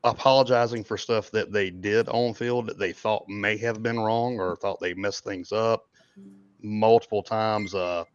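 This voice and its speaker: A man's voice: lowish voice, steady tone, unhurried, clean tone. A man in his forties chatting casually on a livestream, rambling and chuckling as he talks. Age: 40s. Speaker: event organizer. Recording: dull dry lo-fi mic.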